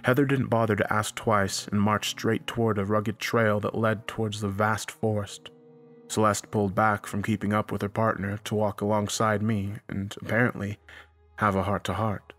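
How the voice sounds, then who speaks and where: A man with a low voice reads a horror story aloud, dramatic and measured. Faint music runs beneath his narration. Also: level tone, a bit bright.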